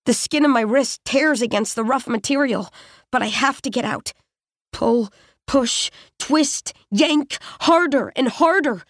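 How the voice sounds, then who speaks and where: Slow, suspenseful woman narrator. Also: a little high, no room sound, clean studio sound. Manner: slow, tense, suspenseful reading. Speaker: audiobook narrator. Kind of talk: first-person scripted narration.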